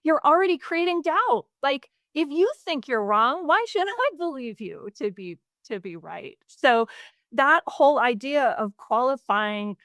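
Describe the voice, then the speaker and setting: A fairly high-voiced woman talks through speaking tips in an easy, energetic way. She acts out sample phrases by letting her pitch leap around. The sound is dry and close. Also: a little slow, no echo. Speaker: podcast co-host. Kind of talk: conversational coaching talk.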